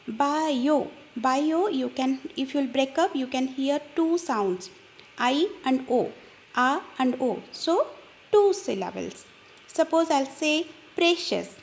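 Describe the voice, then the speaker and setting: A woman's voice: high-pitched, animated, slow pace, a little hiss or hum. A woman teacher giving a grammar lesson to children, spelling words out letter by letter and explaining each step.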